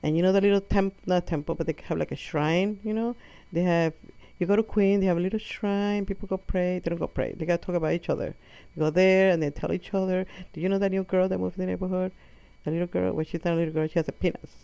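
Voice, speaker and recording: A woman's voice: fairly low pitch, steady tone, quick pace, hardly any pauses, mellow, no room sound. A woman with a non-native English accent tells a rambling, self-correcting comic story and acts out her mother's lines. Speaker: comedic storyteller. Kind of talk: comic monologue. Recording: muffled lo-fi audio.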